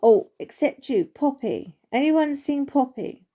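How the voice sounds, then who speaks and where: A woman's voice: high-pitched, expressive, measured pace, pitched above the performer's own voice. A woman voicing a wise, kind old male oak tree who speaks kindly but firmly. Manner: kind but firm, gently scolding.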